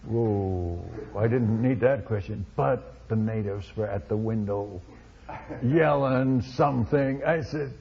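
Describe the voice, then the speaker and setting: A male missionary telling a testimony story in an animated way, with many restarts, on a dull recording. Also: medium pitch, measured pace, creaky, a little hiss or hum. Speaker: missionary speaker.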